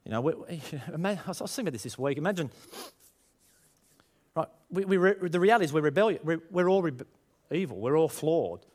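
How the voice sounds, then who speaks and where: A man's voice: fairly high pitch, animated, quick pace, a little mellow. A man, preaching a conversational sermon to his congregation and rising in emphasis as he tells stories. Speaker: pastor.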